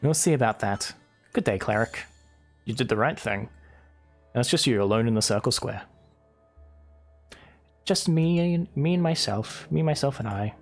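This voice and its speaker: A man's voice: mid-range voice, lively intonation, normal speed, long pauses, soft background music. A male game streamer reading game text aloud with wry asides during live gameplay commentary.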